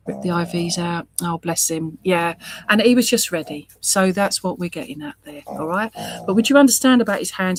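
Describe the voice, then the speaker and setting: A woman giving a live mediumship reading, speaking gently and reassuringly and often murmuring sympathy. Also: on the low side, moderate pace, a little hiss or hum. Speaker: spiritualist medium.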